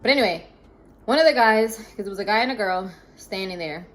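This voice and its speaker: A woman talks straight to her phone camera in a casual vlog, chatty and animated, with a middling pitch. She keeps turning to her viewers. A faint room hum sits under her voice. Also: fairly quick. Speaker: vlogger. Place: apartment during a move. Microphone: phone camera propped up.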